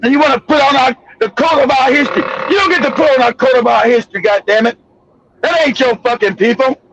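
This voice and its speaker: A man with a very high, gravelly voice rants through heated stream commentary. He shouts and curses often and trips over repeated words as he goes. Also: fast talker, highs cut off. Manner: shouting, profane, ranting. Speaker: host. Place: home streaming setup.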